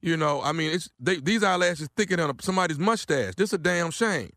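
A man's voice: a little high, lively intonation, brisk, a bit bright, no room sound, studio quality. A man making a prank call, angry, drawling and repetitive, with cursing. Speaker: prank caller. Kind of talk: heated prank-call argument.

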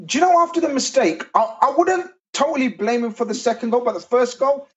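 Guy ranting about football, high voice, swears a lot. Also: a little fast, highs cut off. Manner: animated, swearing football rant. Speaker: football podcast panelist. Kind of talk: casual chat.

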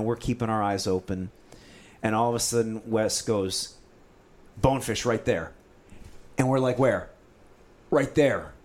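Male podcast host, casual storyteller, animated, mid-pitched. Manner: animated storyteller, acts out quotes, says "dude" often.

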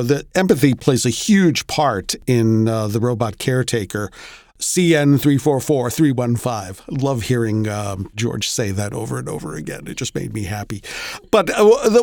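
A man's voice: mid-range voice, darkish tone, no room sound. Thoughtful male podcast host, dry sound. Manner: thoughtful, searching for words. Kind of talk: casual discussion.

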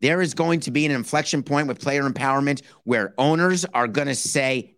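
Male sports podcast host, mid pitch, dry close sound, animated and rhetorical, slips into quoted calls. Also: normal speed, few pauses, no echo. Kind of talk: casual solo sports commentary.

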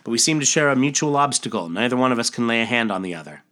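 A man's voice: mid-range voice, lively intonation, racing, fairly bright tone, natural voice. A man voicing an earnest young superhero who speaks in dramatic declarations.

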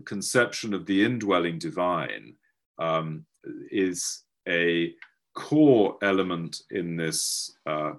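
Male lecturer, very low voice, slow deliberate delivery, hesitant and full of restarts; video-call audio. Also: fairly bright tone. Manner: halting, many fillers and restarts. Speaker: guest lecturer. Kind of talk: academic webinar lecture.

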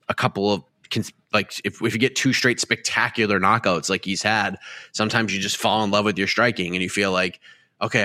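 A man's voice: on the low side, bright, forceful tone, no room sound. A man hosting a casual post-fight podcast, talking in a chatty, rambling way with many restarts. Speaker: host.

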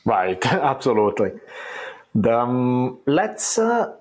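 A man's voice: mid-range voice, big pitch swings, slow pace, a little mellow. A man hosting a podcast, telling stories in a rambling, casual way with the occasional swear word and laugh. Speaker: podcast host. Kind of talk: casual conversational interview.

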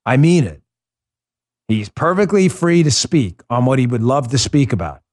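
A man's voice: mid-range voice, sing-song, moderate pace, a little mellow. A man hosting a political talk show, speaking in an impassioned, emphatic way and repeating words for stress. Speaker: podcast host.

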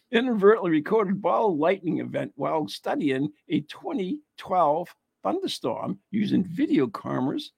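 A man with a gravelly, husky voice hosts a casual chat, reading an article aloud with lively rises and falls in pitch. He stumbles and adds jokey asides. The sound is close and dry. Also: no echo. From United States. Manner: reads aloud haltingly with frequent laughs and asides. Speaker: host.

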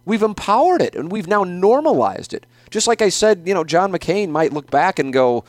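A middle-aged man from the rants on his own podcast, swearing freely and hammering his points home by repeating them. His voice sits a bit high and swoops up and down with animation. The sound is dry and close, with no room around it. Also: a little fast, no echo. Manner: profane, animated, repeats himself for emphasis. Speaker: podcast host. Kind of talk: opinionated casual rant.

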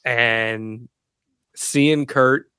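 A man's voice: mid-range voice, steady tone, very slow, bright, forceful tone, clear, resonant tone, dry recording, clean studio sound. A man co-hosting a podcast, talking earnestly and emotionally as a fan. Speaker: podcast co-host. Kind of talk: casual chat.

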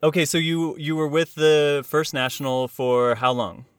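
A man hosting a casual interview, chatty and responsive, quickly affirming what his guest says. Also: on the high side, fairly even intonation, smooth, no room sound. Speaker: interviewer, host.

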